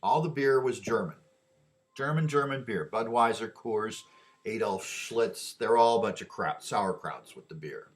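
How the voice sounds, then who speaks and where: A man's voice: on the low side, unhurried. A man delivering a rambling opinion monologue, often repeating and restarting his words.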